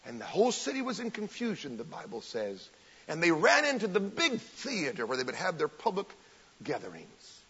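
A man preaching a sermon with fervent, emphatic delivery, loud bursts and joking asides. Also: fairly high pitch, wildly swooping pitch, normal speed, a little hiss or hum. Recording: long hall reverb, dull lo-fi sound.

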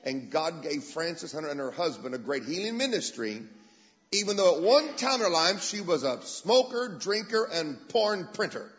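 Preacher, man, higher voice, lively storyteller, long church-hall reverb on a dull recording. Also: normal speed. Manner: animated, acts out quoted voices. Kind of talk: sermon storytelling.

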